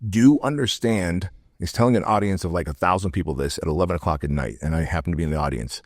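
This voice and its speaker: Middle aged guy from the soviet union, talks real fast, blunt and slangy, acts out the quotes on a podcast. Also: extremely low pitch, no echo. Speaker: podcast guest, entrepreneur. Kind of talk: casual podcast interview storytelling.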